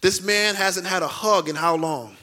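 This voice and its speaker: A high-voiced man preaches a sermon from the pulpit of a church. His tone is bright and ringing. He puts questions straight to the congregation and stretches key words out for emphasis. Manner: preaching with dramatic pauses and emphatic drawn-out words; conversational, asks the congregation direct questions. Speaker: pastor. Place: church sanctuary.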